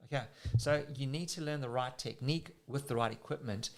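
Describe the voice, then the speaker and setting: South african guy coaching surfing, talks fast when he gets excited, lots of analogies. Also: medium pitch. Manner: excitable, explains with everyday analogies. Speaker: surf coach. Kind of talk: casual coaching talk on a live show.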